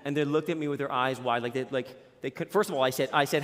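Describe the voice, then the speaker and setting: A man in his forties preaching a sermon as pastor, animated and joking, telling stories and sports analogies. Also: medium pitch, fast. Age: 40s. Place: church sanctuary. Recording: long reverb of a large hall.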